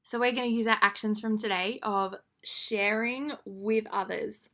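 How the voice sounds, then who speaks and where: A woman's voice: mid-range voice, fairly even intonation, a little slow, vocal fry, fairly bright tone. A young woman leading a children's church lesson to camera, talking in an upbeat, encouraging way to young children.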